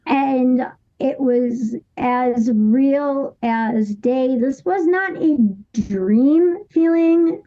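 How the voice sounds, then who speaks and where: A woman in her thirties recounts a personal story as an interview guest, her voice high and her pace slow and drawn out. She talks haltingly, stopping and restarting often. The recording sounds dull and lo-fi. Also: mellow. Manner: halting, with many restarts and fillers.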